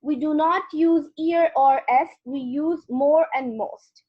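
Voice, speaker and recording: A woman with a high voice teaches grammar over an online class, talking her students patiently through each step. Her sound is dull and lo-fi, as from a computer mic on a call. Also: slow pace. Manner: patient, explains step by step with repeated "okay".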